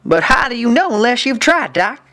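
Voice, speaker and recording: Heavily acted and very high, with big pitch swings, this man's brisk, sharp-toned voice plays a lecherous, rowdy cartoon villain drawling in a Southern accent. He leeringly reminisces, telling crude, folksy tales with exuberant gusto.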